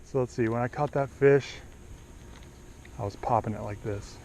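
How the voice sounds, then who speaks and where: A man filming a casual fishing vlog outdoors by a pond, chatting excitedly to the camera on an action-camera mic. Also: medium pitch, normal speed, vocal fry, slight background noise. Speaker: fishing vlogger. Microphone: action camera or DSLR mic.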